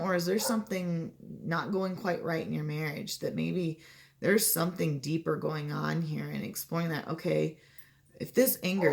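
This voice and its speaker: Woman hypnotist, low gravelly voice, chatty advice talk that slips into quick quoted client dialogue.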